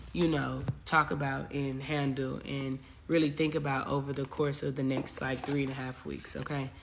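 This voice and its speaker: A woman spiritual coach talking casually and profanely to her viewers, swinging from loud outbursts to hushed asides. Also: low voice, gravelly, background noise. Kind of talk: casual live chat.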